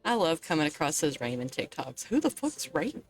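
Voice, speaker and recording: A woman's voice: deep voice, big pitch swings, a little fast, faint music behind. A woman from Southwest Virginia with a Southwest Virginian accent, chatting casually on a stream, swearing and laughing often.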